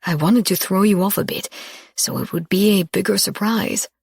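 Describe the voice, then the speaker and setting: Woman narrator doing a teasing young man, cocky, lowered voice, slightly husky, dry close sound. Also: normal speed, a little mellow, no room sound.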